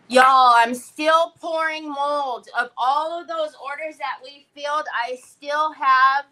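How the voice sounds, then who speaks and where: Woman, livestream craft host, bright tone, chatty, greets viewers. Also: sits high, steady tone, takes it slowly, few pauses, rough recording. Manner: chatty, greets viewers by name, laughs often. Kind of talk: casual livestream craft demo.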